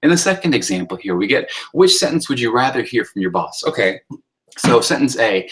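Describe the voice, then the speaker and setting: A man, a writing instructor, giving a recorded lecture on sentence style. He talks through slides casually with many fillers and reads example sentences aloud in a raised, animated voice. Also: medium pitch, a little fast, low-quality recording. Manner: conversational teaching with many fillers, acting out example sentences in a lifted voice.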